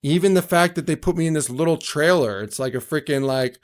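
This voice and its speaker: A young man with a fairly high speaking voice tells stories in a relaxed interview. He slips into other people's voices as he quotes them, and his talk is loose and full of fillers. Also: fairly quick. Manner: animated, acts out quoted voices, many fillers. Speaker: actor and entrepreneur, guest. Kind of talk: casual interview storytelling.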